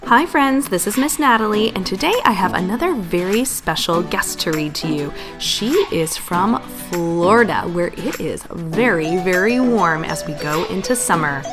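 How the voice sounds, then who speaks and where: A woman's voice: fairly low pitch, lively intonation, moderate pace, few pauses. A woman hosting a children's storytime, cheerful and inviting kids to join in. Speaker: host of a storytime series. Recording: background music.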